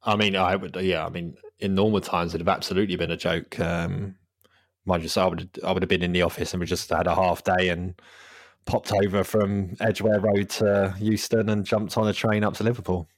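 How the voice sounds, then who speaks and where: A man's voice: deep voice, flat delivery, a little fast, dry recording, clean studio sound. A man hosting a casual football podcast, rambling and laughing often. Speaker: podcast host.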